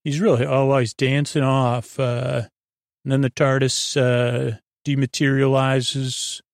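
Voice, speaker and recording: A man's voice: mid-range voice, flat delivery, gravelly, no room sound, studio quality. A man hosting a podcast, rambling through a sleepy episode recap with lots of fillers. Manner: rambling, halting with many fillers; loosely quotes characters without doing voices. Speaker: podcast host.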